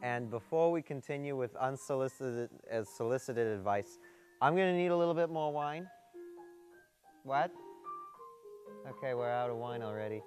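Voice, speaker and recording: A man's voice: mid-range voice, moderate pace, pauses often, darkish tone, natural voice. A man playing a tipsy wine-mom talk show host in a live comedy sketch, handing out bossy, boozy advice. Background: piano music.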